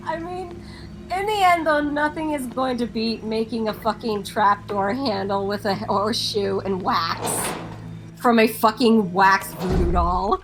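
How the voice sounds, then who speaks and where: A woman's voice: a little high, slow, over music, low-quality recording. A woman streaming a horror game with friends, chatting casually, swearing and laughing until she is breathless. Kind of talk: casual let's-play chat.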